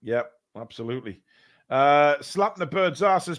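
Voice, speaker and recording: A man's voice: medium pitch, animated, fairly quick. A man hosting a fan live stream. He reads out donations in casual, joking chat full of fillers. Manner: rambling, joking, many fillers.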